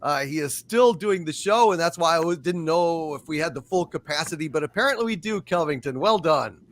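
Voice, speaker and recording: A man's voice: fairly high pitch, lively intonation, brisk, a bit bright, dry recording. A man hosting a live pop culture panel show, delivering wry, sarcastic commentary. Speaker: host.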